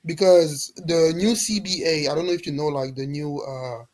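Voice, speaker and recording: Dude rambling on in a group chat, slightly high voice, tons of like and bro. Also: male voice, moderate pace, a little mellow. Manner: rambling, heavy on fillers like "like" and "bro". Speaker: panel guest.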